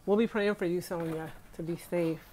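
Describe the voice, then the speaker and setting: At a moderate pace, this young Brooklyn woman speaks in a fairly low voice, with a little hiss or hum on the recording. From her bed at home in Brooklyn, New York, on a rainy day, she animatedly chats with live-stream viewers, calling them "y'all" Southern-style.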